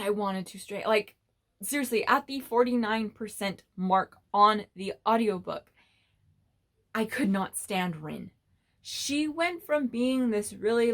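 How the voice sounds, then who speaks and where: Exasperated woman ranting about a book. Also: medium pitch. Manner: blunt, exasperated, swears freely. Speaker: book vlogger. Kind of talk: casual ranting book review.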